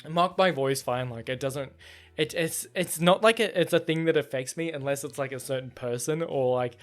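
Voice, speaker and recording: A young man hosts a casual solo podcast and tells a story with lots of swearing. His voice sits a bit high for a man, and he swings from loud, heated bursts to low, muttered asides. Faint music plays quietly under his voice. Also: normal speed. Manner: animated, profane, swings between loud outbursts and muttered asides. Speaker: podcast host.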